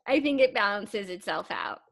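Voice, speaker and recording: A young woman co-hosting a pop culture podcast, chatting casually with lots of "like" and getting animated and emotional over gossip. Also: medium pitch, normal speed, gravelly, dry recording. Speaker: podcast co-host. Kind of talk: casual chat.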